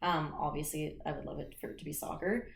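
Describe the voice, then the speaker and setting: A woman's voice: sits low, fairly even intonation, fast talker, gravelly, reverberant. A woman in her late twenties, a soccer player and coach, chatting casually as an interview guest and filling her talk with "like" and restarts. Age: late 20s. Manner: talkative, many "like" fillers and restarts.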